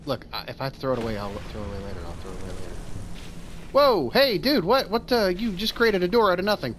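A man's voice: medium pitch, rapid-fire, a bit bright, slight background noise. A man hosting a let's play, rambling and wisecracking through his gameplay commentary.

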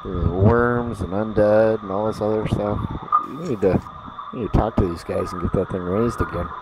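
A male tabletop player with a low voice, talking in halting, casual bursts. A loud hiss runs steadily under his home-mic recording. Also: fairly even intonation. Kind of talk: tabletop game play over voice chat.

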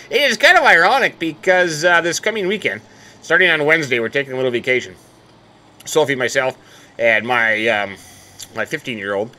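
A man's voice: medium pitch, pushed and bright, a little hiss or hum. A middle-aged man, chatting casually and upbeat while commenting on his own game. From United States. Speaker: host.

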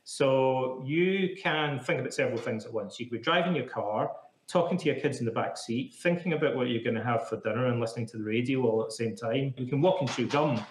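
The speaker is a man with a mid-range voice who talks fairly quickly. He's a psychotherapist guest in an interview, explaining things chattily and casually with plenty of "like," and the room echoes.

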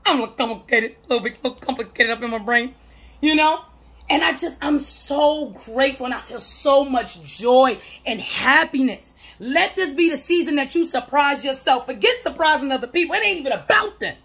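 A woman vlogger talking about her recovery, emphatic and repetitive like a preacher, often laughing and breaking into shouts. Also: high voice, expressive, brisk. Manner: emphatic, repeats phrases, preacher-like cadence. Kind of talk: motivational talk to camera.

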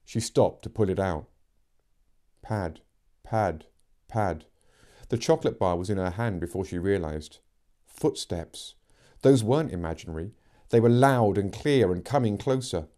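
A man narrating a children's novel extract in an expressive reading voice. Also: on the low side, measured pace, long pauses. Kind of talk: storybook narration.

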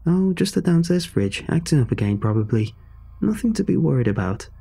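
A man's voice: a little high, very animated, a little fast, gravelly, warm tone, breathy edge, voice pushed up, exaggerated voice. A man voicing a cheerful, slightly manic aunt who is an inventor changed by a meteor, chatty and rambling, with faint music behind. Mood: eager.

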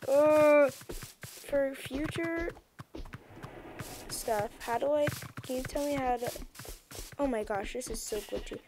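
A young woman giving casual, excitable commentary over her own gameplay, easily flustered and exclaiming at what happens on screen. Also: high voice, a little slow, long pauses, background noise. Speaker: gameplay streamer.

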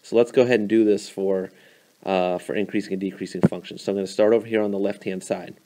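A man's voice: fairly low pitch, steady tone, fast, warm tone. A man teaching math, explaining a graph in a casual, informal way with a few fillers. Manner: informal, fillers, playful sound effects.

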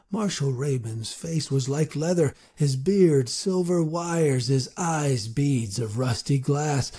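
A man's voice: mid-range voice, dark tone, breathy edge. Man narrating a fantasy audiobook.

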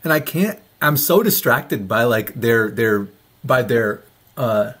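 Husky guy roasting a house tour video, blunt and sarcastic, mid pitch. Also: lively intonation, takes it slowly, a bit bright. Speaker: reaction video host. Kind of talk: casual commentary.

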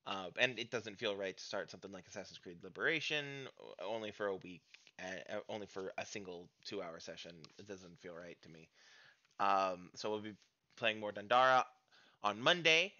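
A man's voice: lowish voice, moderate pace, bright, forceful tone, muffled recording. An American man in a casual stream outro chat, rambling and hesitant with many fillers.

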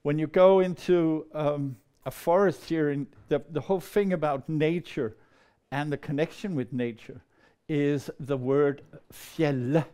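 A man talking casually to an audience, rambling and lively, often laughing. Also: on the high side, measured pace, clean tone. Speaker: storyteller. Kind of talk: casual talk to a live audience.

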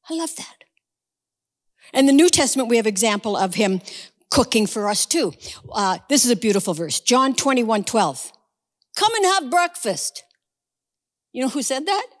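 A woman's voice: high-pitched, big-room sound. A woman preaching a sermon, telling a story conversationally with humorous asides.

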